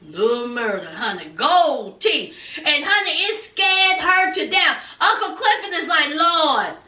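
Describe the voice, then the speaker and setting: Sassy high-voiced woman. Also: expressive, measured pace, pushed and bright, recorded from a distance. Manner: sassy, gossipy, exclaiming "honey" and "child". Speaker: TV recap vlogger. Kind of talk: casual chatty TV recap. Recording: echoey room, voice off-mic.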